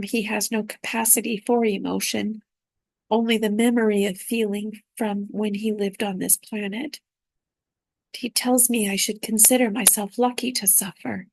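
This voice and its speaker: A woman reading aloud from her own spiritual dream journal in a soft, unhurried, reflective way. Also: medium pitch, no echo.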